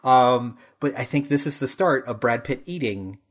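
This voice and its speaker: A man with a husky, slightly rough voice talks through a film in relaxed podcast chat. He throws in casual swearing and quick laughs as he makes his points. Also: mid-range voice. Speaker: podcast co-host.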